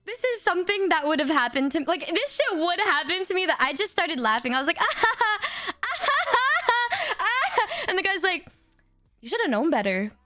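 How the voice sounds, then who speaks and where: A young woman streamer telling a story to her chat in a casual, animated way, swearing and laughing as she goes. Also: extremely high pitch, fast talker, no echo.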